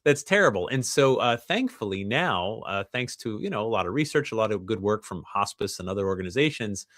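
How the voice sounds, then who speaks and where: Chatty middle-aged male guest, lowish pitch, dry recording. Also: lively intonation, fairly quick, fairly bright tone, dry recording. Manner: chatty, restarts phrases, laughs often. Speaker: guest author. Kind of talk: casual podcast conversation.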